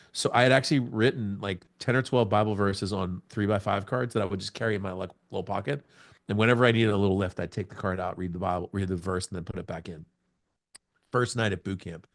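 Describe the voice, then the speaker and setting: A middle-aged man from the United States, a podcast guest telling a story in a casual interview, laughing often and jumping to a much higher pitch at the exciting moments.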